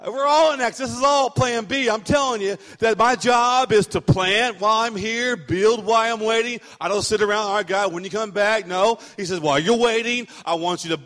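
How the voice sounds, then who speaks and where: A man's voice: sits high, moderate pace, few pauses. Male pastor preaching a sermon, repeats himself lots, church echo hangs long after each line. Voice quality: animated, emphatic preaching with repetition.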